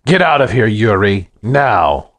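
A man's voice: lowish voice, big pitch swings, measured pace, dry recording, pitched above the performer's own voice. A man voicing a protective, hard man who speaks coldly and in clipped words, in a fiction podcast reading. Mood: angry. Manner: cold, clipped. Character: protective grizzled man, cold and firm. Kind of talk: audiobook character voice.

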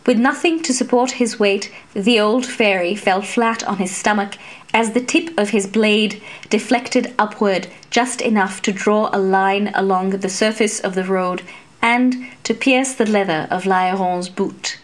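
A woman narrating a fantasy story in a steady, measured reading voice. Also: medium pitch. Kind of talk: scripted fiction narration.

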